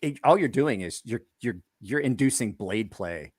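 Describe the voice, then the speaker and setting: A man's voice: medium pitch, moderate pace, husky, no room sound, studio quality. A man and knife maker telling stories in a casual podcast chat, acting out quotes and laughing often. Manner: animated storyteller, acts out quotes, laughs often.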